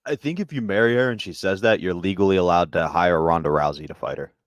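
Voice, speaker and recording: Low-voiced laughing comedian co-host. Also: male voice, fast, no echo. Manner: agreeable, laughs easily, self-deprecating. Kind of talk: casual comedic chat.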